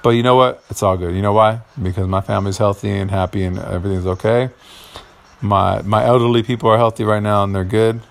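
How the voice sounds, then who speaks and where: A man's voice: lowish voice, fairly even intonation, fast talker, vocal fry. A man hosting a casual solo podcast from his garage, rambling and profane, getting heated at times. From Puerto Rican heritage. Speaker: podcast host. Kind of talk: casual monologue.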